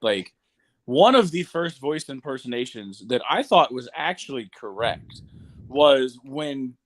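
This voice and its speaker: A man's voice: medium pitch, expressive, a little slow, rough recording. A man in casual podcast chat, teasing and setting up a joke.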